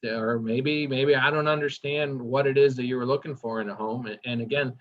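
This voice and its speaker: A man's voice: medium pitch, steady tone, fairly quick. A man giving a casual training lecture, enthusiastic and chatty, asking the class questions as he goes. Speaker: workshop instructor. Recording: dull lo-fi recording.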